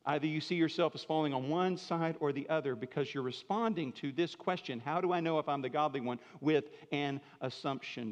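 Pastor with a fairly high voice in a reverberant hall. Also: male voice. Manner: conversational preaching with emphatic swings in loudness. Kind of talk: sermon.

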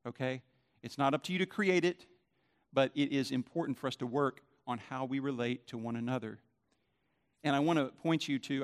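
A man, a pastor, preaching a sermon in an emphatic, conversational way. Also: medium pitch.

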